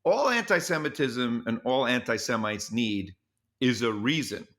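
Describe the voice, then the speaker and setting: A man who is a comedian, telling stories as a podcast guest in an animated way, with quick restarts and repeated words. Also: medium pitch. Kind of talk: podcast interview storytelling.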